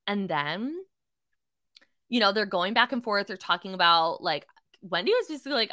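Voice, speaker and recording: A young woman hosts a casual podcast, her voice bright and forward, swinging up and down in lively pitch. She talks fast and loose, full of fillers and swearing, slipping into other voices for quotes. It sounds dry and close, with no room around it. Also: no room sound. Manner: animated, swearing, lots of "like" fillers; acts out quoted people in shifting voices. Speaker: podcast host. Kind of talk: casual solo recap podcast.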